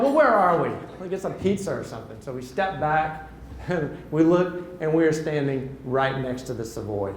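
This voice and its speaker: A middle-aged man giving a keynote speech at a luncheon, telling an animated story and acting out the dialogue. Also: a little high, reverberant, a little hiss or hum. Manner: animated, acts out dialogue in quotes. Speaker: keynote speaker. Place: large hall at a luncheon.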